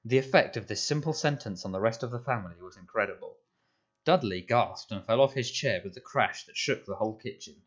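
A man reading an audiobook aloud in a measured storytelling manner. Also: medium pitch, a bit bright. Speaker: audiobook narrator. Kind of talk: scripted narration. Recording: dull lo-fi audio.

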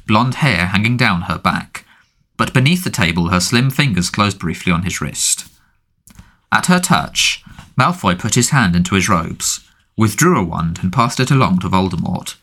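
Bright, animated male audiobook narrator. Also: deep voice. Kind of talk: scripted fantasy narration.

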